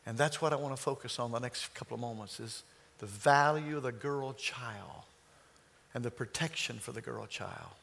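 A man in his sixties preaching, telling stories and slowing down on key phrases. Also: mid-range voice, creaky, a bit bright. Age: 60s. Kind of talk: sermon storytelling.

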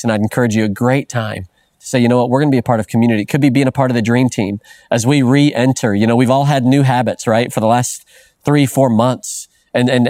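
A man's voice: mid-range voice, a little mellow, no echo, studio quality. A middle-aged man preaching a sermon in an earnest, conversational way, often restarting phrases and adding "man" as a filler. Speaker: pastor.

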